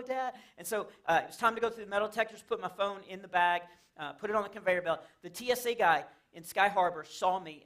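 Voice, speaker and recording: A man with a high, fairly bright voice performs a comedy set from a church stage. He tells animated stories and plays out characters, chuckling at his own material while the audience laughs.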